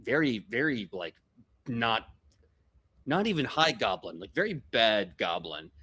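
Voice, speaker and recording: A man at a medium pitch running a tabletop game. His narration is easygoing and conversational, often trailing into fillers as he sets up each scene. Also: unhurried, breathy edge. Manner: relaxed, casual narration with fillers. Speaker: game master.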